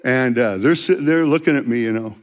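An older man, a street evangelist, telling testimony stories in an animated way and loudly acting out the dialogue. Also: mid-range voice, fairly quick, in a large hall. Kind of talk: storytelling testimony.

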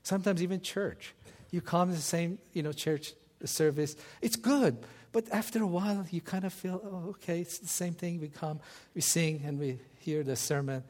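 Male preacher, slightly high voice, animated sermon storyteller, acts out quotes. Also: moderate pace.

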